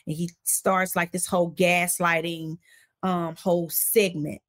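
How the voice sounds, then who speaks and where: A woman, an interview guest, recounting a personal story in a casual, animated way and acting out the voices of the people in it. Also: fairly low pitch, unhurried. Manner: animated, acts out quoted voices while recounting events; casual, conversational phrasing.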